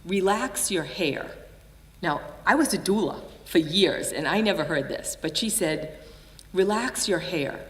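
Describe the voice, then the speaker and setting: In a reverberant conference hall, captured by a distant mic, an older woman from the United States delivers a storytelling keynote. Her fairly low voice is unhurried, and she animatedly acts out the quoted voices of her characters.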